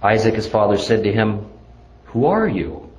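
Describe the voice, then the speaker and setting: A man teaching a Bible lesson, reading the scripture verse by verse in a measured, deliberate way before explaining it. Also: fairly low pitch, sing-song, darkish tone, rough recording.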